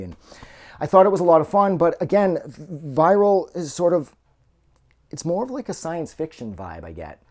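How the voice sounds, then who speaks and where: Male movie reviewer, mellow low tone, loose and profane off-the-cuff delivery. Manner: rambling and heavily profane; loose, with many fillers and trailing restarts. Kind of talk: casual spoken movie review.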